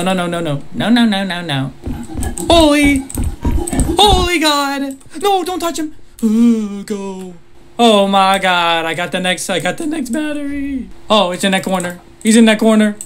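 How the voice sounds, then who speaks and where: Gamer, horror let's-play, very animated delivery, slow pace, nervously laughing and easily startled. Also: mid-range voice, slight background noise. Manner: jumpy, laughs nervously, frequent startled exclamations. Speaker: gamer playing a horror game.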